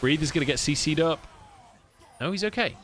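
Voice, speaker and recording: A man with a British accent casting a live esports match on a casual co-stream, excitable and swearing freely. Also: a little high, brisk, soft background music. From United Kingdom. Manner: excitable, swears freely, laughs between plays. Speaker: esports caster.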